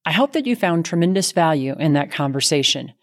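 A woman hosting a podcast, thanking her guest and reflecting in a measured way on the conversation. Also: deep voice, expressive. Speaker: podcast host. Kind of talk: interview and reflective wrap-up.

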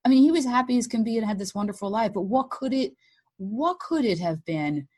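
A woman's voice: a little high, brisk, husky. Candid woman telling a personal story. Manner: animated and candid, acting out her own and others' words. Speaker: guest, mother of blind sons.

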